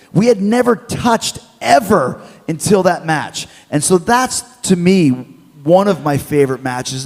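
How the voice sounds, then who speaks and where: A man from Canada, a guest telling stories in an interview, lively and acting out quotes with bits of swearing. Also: high-pitched, in a large hall. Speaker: interview guest, former wrestler. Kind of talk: animated storytelling.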